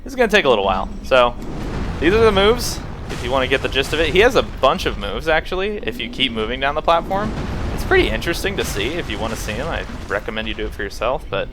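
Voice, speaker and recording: A young man giving casual, joking commentary over video game footage, teasing the enemies and making playful little sound effects. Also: medium pitch. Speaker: game guide host.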